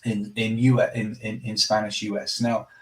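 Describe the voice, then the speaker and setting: A man's voice: on the low side, flat delivery, normal speed, distant mic. A man hosting a live product demo. He talks enthusiastically and rambles, often breaking off and correcting himself. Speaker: product presenter and company host.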